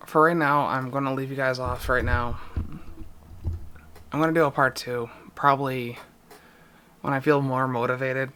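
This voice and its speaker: A young man in an emotional vlog confession, distressed and near tears, speaking haltingly with pauses and a voice that drops. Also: mid-range voice, steady tone, pushed and bright, a little hiss or hum. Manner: halting, pausing, voice dropping. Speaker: YouTuber.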